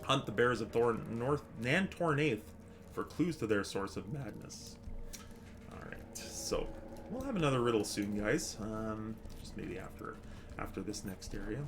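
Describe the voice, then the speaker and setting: A man's voice: lowish voice, lively intonation, measured pace, noisy background. A man streaming a game, chatting casually with viewers in a rambling, hesitant way with many restarts. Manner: chatty with viewers, reads chat aloud. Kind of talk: casual live-stream chat.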